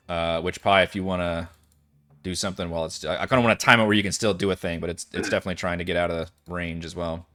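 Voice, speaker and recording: A man's voice: deep voice, fairly even intonation, fast talker, a bit bright. A man running a tabletop game as dungeon master, thinking aloud with lots of fillers. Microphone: headset or desk mic on a voice call.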